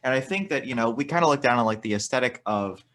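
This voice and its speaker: A man in an easygoing podcast conversation, talking in loose, meandering sentences full of "um" and "like." His pitch rises and falls freely as he goes, staying lively throughout. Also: quick pace. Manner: animated, rambling with many fillers and restarts. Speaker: podcast host. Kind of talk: casual chat.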